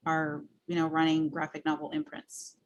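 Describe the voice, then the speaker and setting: A woman's voice: sits low, completely flat delivery, normal speed, dull audio. A woman teaching a graphic novel class on a video call, rambling with many ums as she talks through her pages. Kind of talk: casual class walkthrough.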